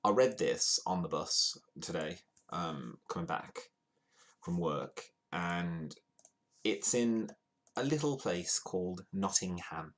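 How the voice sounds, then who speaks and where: A low-pitched man from the UK hosts a live comedy news stream. He talks in a playful, rambling way and pokes fun at himself as he goes. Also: animated, slow. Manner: playful, rambling, self-mocking. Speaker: host of a comedy news show.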